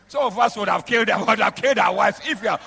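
A man, a bishop preaching a lively sermon in a large church, shouting out to the congregation and breaking into laughter. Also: high voice, brisk, gravelly, slightly rough. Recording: long reverb of a church hall.

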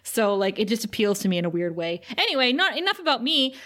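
A woman's voice: on the high side, very animated, fast, fairly bright tone. A woman from Canada co-hosting a podcast in casual chat, giggly and playful, often acting out scenes in voices. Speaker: podcast co-host.

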